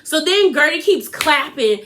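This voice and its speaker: A woman's voice: high voice, expressive, measured pace, a bit bright, a little hiss or hum. A young woman recapping a reality TV episode in casual, gossipy chat, giving her opinions and talking straight to her viewers.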